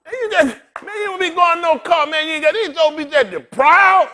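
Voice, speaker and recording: In a very high voice at a fairly quick pace, an aging bald preacher jokes with his congregation and speaks to them directly. The sermon is humorous, conversational and animated.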